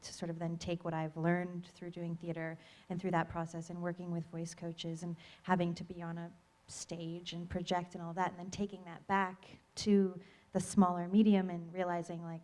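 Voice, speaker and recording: A young woman actor shares her experience at a panel Q&A. She is talkative and laughs easily. Her voice sits a little low. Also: flat delivery, darkish tone. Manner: chatty and giggly, quick to laugh. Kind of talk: casual panel Q&A answers.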